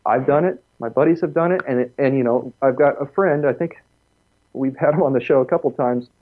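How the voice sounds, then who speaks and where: A man's voice: medium pitch, fairly quick, phone-quality sound. A man talking casually on a podcast, blunt and profane, telling stories with quotes he acts out.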